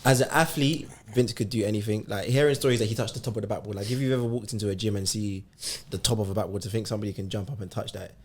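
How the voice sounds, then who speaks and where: Low-voiced laid-back podcast guy. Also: husky. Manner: easygoing, thinks aloud with pauses. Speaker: podcast co-host. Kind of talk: casual sports chat.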